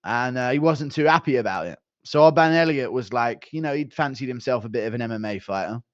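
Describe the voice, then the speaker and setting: A young man reading and answering viewer chat on a casual live stream, animated and joking, with some mild swearing. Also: mid-range voice, fast, dry recording, lo-fi sound.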